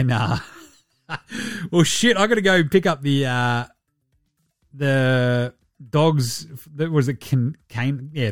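An Australian man hosts a podcast of casual sports chat, rambling along with lots of jokes and swearing. His voice is medium-pitched, and the recording is studio quality with no room sound.

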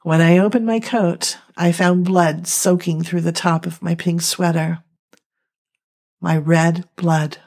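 Woman slowly reading a dramatic personal story. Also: lowish voice, steady tone, a little mellow. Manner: slow, emotional, halting delivery. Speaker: narrator.

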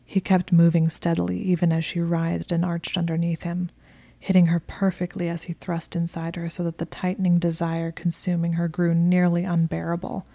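Low gravelly whispering woman narrator. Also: completely flat delivery, no room sound. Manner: hushed, slow and breathy. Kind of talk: whispered role-play.

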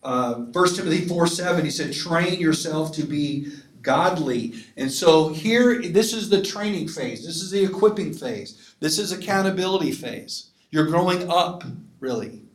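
A man's voice: fairly high pitch, expressive, unhurried. A man teaching at a conference like a pastor, emphatic and often asking the audience for agreement. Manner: emphatic, asks the crowd for assent. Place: conference hall. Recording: echoey hall.

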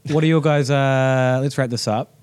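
A man with a New Zealand accent hosting a podcast, relaxed and chatty, swearing casually. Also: mid-range voice, normal speed, clean tone, dry recording. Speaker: podcast host. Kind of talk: casual chat.

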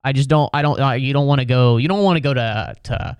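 Talking fast with hardly a pause, a young man hosts a casual sports podcast, rambling, profane, and exasperated, and switching to mocking high voices to mimic others. His voice is clear, resonant, and darkish, recorded in clean studio sound without room echo.

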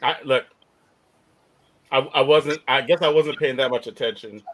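A man hosting a casual movie talk, animated, often laughing and restarting his sentences. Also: medium pitch, normal speed. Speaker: podcast host.

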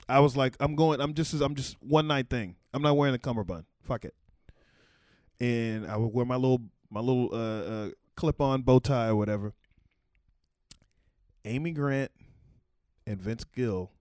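A man spinning a long story in an offhand, rambling way, swearing freely and laughing at himself. His voice sits at an ordinary pitch and sounds dry and close, with almost no room echo. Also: a little mellow. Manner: loose, rambling, profane, laughing asides. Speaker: former White House camera operator. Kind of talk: casual storytelling.

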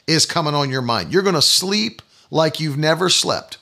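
Man, preacher, online sermon, fervent declarations, bright tone, gravelly edge. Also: on the high side, animated, moderate pace.

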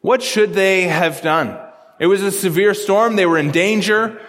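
A man with a notably high voice delivers a sermon as pastor, earnestly walking through scripture and doubling back on his words as he thinks. The sound carries a long reverb, as if recorded in a large hall. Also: a little slow, a bit bright. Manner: earnest, repeats words while explaining scripture.

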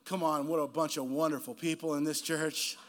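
Casting: male preacher, early fifties, high-pitched, animated storyteller who voices the people in his stories. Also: fairly quick. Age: 50s. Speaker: guest pastor. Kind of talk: sermon. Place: church.

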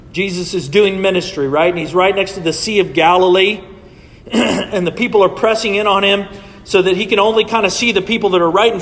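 Speaking in a big-room church sanctuary, this high-pitched pastor has a fairly bright tone. He preaches to his congregation conversationally, often checking in with them by tossing in "right?"

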